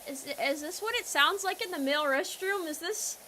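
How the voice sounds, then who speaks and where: A young American woman chats with her stream audience, high and bright in pitch, loud and teasing one moment and falling to mock-quiet apologies the next. A faint hiss of noise sits under her voice. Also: normal speed. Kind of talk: casual game stream chat.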